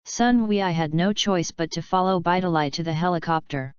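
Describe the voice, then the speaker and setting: A woman narrating a fanfiction audiobook in an even, steady reading. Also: on the low side, moderate pace, few pauses, clear, resonant tone, no echo, dull audio.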